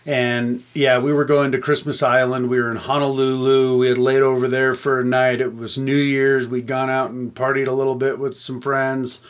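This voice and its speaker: A man's voice: mid-range voice, moderate pace, hardly any pauses. Laid-back man telling stories. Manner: storytelling, relaxed and joking. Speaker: podcast co-host. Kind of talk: casual chat.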